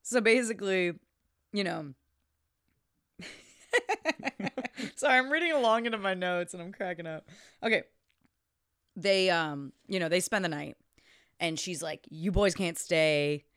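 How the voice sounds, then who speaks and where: A woman's voice: lowish voice, measured pace, long pauses, fairly bright tone, clean tone, no room sound, studio quality. A woman co-hosting a casual movie review podcast. She laughs often and retells scenes in quoted voices. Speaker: podcast co-host.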